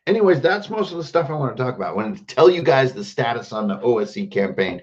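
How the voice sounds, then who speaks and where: A man's voice: medium pitch, sing-song, fast talker, few pauses, dull audio. A man hosting a casual livestream, rambling and joking while he greets viewers by name. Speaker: host.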